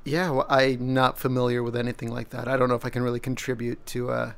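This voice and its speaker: A man's voice: mid-range voice, little pitch movement, fast, gravelly, a bit bright, clean tone. A man from Mexico playing the straight man in an improvised comedy bit, answering in dry, exasperated replies.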